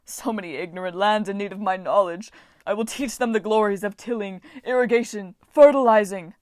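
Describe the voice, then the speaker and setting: A boastful male farm god booms and lectures with grand, dismissive flair, voiced by a woman narrator. The sound is dry and close, with a mid-range voice pushed loud. It is an audiobook reading. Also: fairly quick, no room sound, natural voice. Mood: exuberant.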